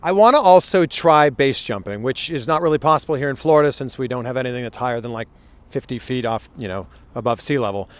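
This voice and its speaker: A man hosting an interview, asking questions in an upbeat, joking way with quick asides. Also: medium pitch, expressive. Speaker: interviewer host. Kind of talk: casual interview. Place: outdoors near a helicopter. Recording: faint outdoor noise with helicopter.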